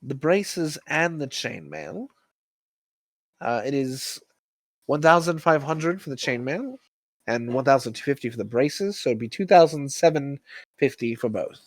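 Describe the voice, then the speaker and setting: A man as dungeon master, narrating a tabletop game in an animated, amused way. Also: medium pitch, a little slow, no room sound.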